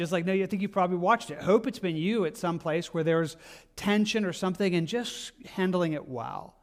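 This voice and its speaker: A man preaching a sermon in a conversational way, with many asides and restarts. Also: high-pitched. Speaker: pastor.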